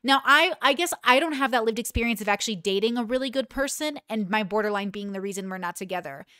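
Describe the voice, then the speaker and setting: Candid woman host, smooth clear voice. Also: fairly high pitch, fast, pushed and bright, no room sound, clean studio sound. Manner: candid, emotional, rambling with restarts. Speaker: commentary host. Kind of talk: casual reaction commentary.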